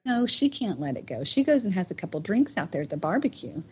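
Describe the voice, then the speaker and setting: A woman's voice: fairly low pitch, big pitch swings, quick pace, darkish tone, breathy edge. A middle-aged woman telling a personal story in casual chat, with many fillers. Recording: dull, slightly noisy sound.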